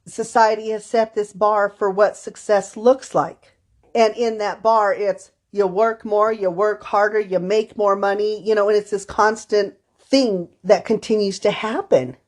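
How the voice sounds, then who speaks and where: Here the same kind of speaker has a mid-range, steady voice and takes her time. She's a podcast co-host and counselor whose casual conversation is full of anecdotes with acted-out client quotes.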